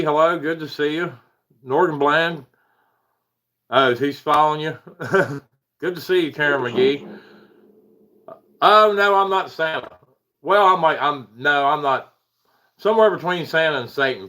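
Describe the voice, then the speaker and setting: A man's voice: on the high side, sharp tone. A man hosting a casual livestream, rambling, greeting viewers by name and chuckling at himself. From Eastern United States. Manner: rambling, self-deprecating, chuckles often, greets chatters. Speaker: paranormal livestream host.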